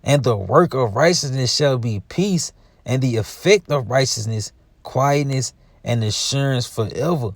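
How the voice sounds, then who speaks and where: Man, average pitch, informal scripture teacher who keeps checking "you see?". Dry, close sound. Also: expressive, a little slow, no echo. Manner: conversational, often asks "you see?" and adds "man". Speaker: religious teacher.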